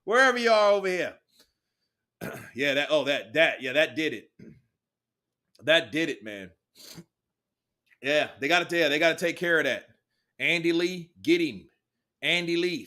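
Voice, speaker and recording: Swearing freely, a man with a voice on the high side delivers casual, excited live commentary on a boxing fight, calling out punches at a rapid pace.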